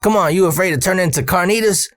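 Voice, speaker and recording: A crude, heavyset construction boss needles his crew with gruff, wisecracking jokes, as a man puts him on in a raised voice. His voice sits noticeably higher than the teller's own. The sound is dry and close, with no room around it. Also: fast talker, fairly bright tone, no room sound. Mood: teasing.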